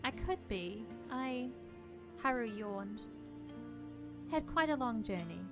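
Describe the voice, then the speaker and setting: Woman reads as a sheltered, proud young man, exhausted; soft, weary delivery, voiced a bit high. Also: expressive, slow pace, over music.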